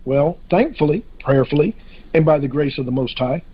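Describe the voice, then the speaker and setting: Husky man, muffled lo-fi audio. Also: a little high, lively intonation, moderate pace. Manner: hesitant, frequent fillers and restarts. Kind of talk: casual podcast discussion.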